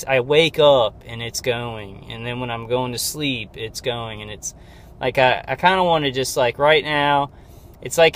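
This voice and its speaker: A man records a casual personal update while sitting in his car. His voice sits in an ordinary middle pitch, and he speaks haltingly, stopping and restarting his sentences. Faint vehicle noise hums underneath. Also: a bit bright. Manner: halting, hesitant, many restarts. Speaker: vlogger.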